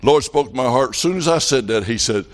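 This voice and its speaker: A man's voice: medium pitch, animated, quick pace. A man preaching a revival sermon, telling folksy country stories with fervent emphasis. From rural farm upbringing.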